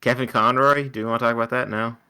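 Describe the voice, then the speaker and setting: Guest dude on a stream, chill and chatty, really bright edgy tone. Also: male voice, medium pitch, fairly even intonation, quick pace, clean tone. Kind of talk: casual chat.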